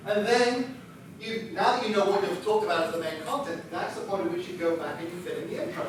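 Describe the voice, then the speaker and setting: A man's voice: sits high, fast, background noise. A man giving an instructional talk on writing a book, chatty with self-deprecating humor. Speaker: book publisher presenting a workshop. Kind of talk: instructional presentation. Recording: echoey room picked up from a distance.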